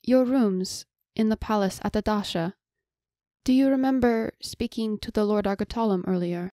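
A woman voicing a gentle young servant girl who works as a healer and speaks soothingly in an audiobook. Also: medium pitch, normal speed, no echo, clean studio sound, voice pushed up, lightly acted.

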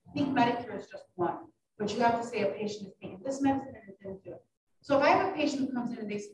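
A woman doctor giving an informal question-and-answer talk, who tells stories lively and acts out her patients' voices. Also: fairly high pitch, racing, noisy background. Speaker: urogynecologist giving a library talk. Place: library meeting room. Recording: echoey room, distant dull mic.

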